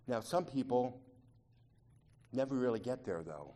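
A male pastor delivering a sermon in a mid-pitched voice. He drops to a low, hushed register, then climbs to loud, high-pitched fervor. Words tumble and repeat when he is moved. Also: lively intonation, unhurried, long pauses. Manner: swings from quiet, low confiding talk to loud, high impassioned preaching.

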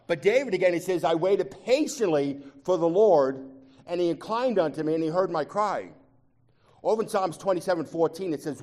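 A man preaching a sermon, shifting from quiet, confiding talk to loud, impassioned pleading, often repeating words as he restarts. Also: fairly high pitch, animated, a little fast. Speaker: pastor.

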